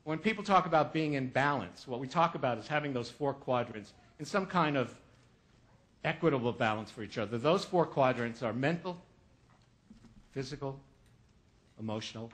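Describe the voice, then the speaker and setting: A man's voice: medium pitch, lively intonation, normal speed, pauses often, fairly bright tone. A man giving a humorous motivational keynote, telling a story with comic asides and acting out the voices of the people in it. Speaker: keynote speaker.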